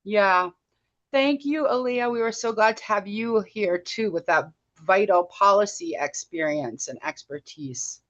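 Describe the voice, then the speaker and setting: A woman hosting a webinar, speaking over a video call. She thanks each guest with relaxed fillers as she closes the session. Her audio comes through slightly dull. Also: mid-range voice, unhurried. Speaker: host. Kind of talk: closing a webinar.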